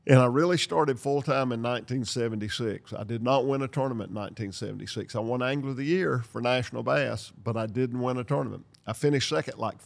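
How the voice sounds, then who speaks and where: Gravelly older man telling stories. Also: mid-range voice, fast talker, few pauses. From North Carolina, USA. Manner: lively storyteller who acts out dialogue and laughs. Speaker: podcast host. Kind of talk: storytelling podcast chat.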